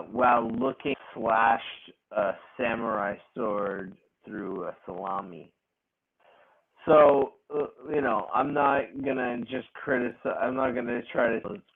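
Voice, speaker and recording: Podcast co-host, male, gravelly and husky, slow and profane, tinny phone-line audio. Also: fairly low pitch. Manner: profane, animated, laughing rants. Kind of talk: casual wrestling chat.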